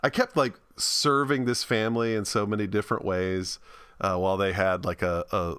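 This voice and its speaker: Bright, joking man, dry close sound. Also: lowish voice, fairly even intonation, moderate pace, clean tone, dry recording. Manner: joking, laughs through his words. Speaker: podcast co-host, former pastor. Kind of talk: casual chat.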